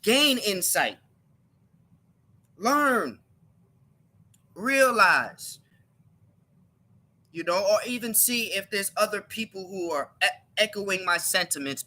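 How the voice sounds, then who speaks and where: A man's voice: high voice, pushed and bright. A man giving an emphatic opinion monologue on his live stream, often repeating and restarting his words.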